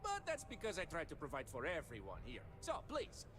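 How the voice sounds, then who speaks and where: An actor playing a chatty male space-station shopkeeper with an unusual mixed accent and a wheedling sales pitch. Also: wildly swooping pitch, a little fast, big-room sound. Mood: salesy. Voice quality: sing-song, swooping delivery. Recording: background hiss noise.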